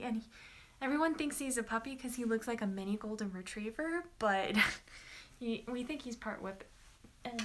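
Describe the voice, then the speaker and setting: A young woman hosting a writing-sprint livestream, chatting casually and excitedly with viewers and talking to her dog. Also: on the high side, moderate pace, slight background noise. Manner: bubbly and chatty, coos softly to her dog.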